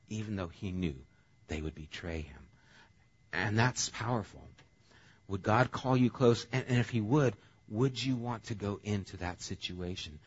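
A male pastor preaching a sermon in a conversational, animated way. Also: on the low side, measured pace, slightly rough, muffled recording.

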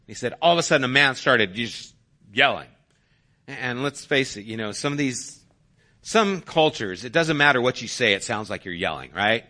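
A man preaching a sermon as a pastor, telling a story and swinging from loud emphasis to hushed near-whispers. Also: mid-range voice, expressive, normal speed.

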